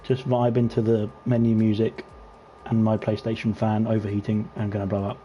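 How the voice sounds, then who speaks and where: A man's voice: lowish voice, normal speed, dull audio, a little hiss or hum. A British man hosting an online racing league, chatting and teasing the drivers while he commentates from a home gaming setup. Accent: British English. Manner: chatty, teasing, lively when racing action picks up. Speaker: league race host and commentator. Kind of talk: casual sim-racing stream commentary.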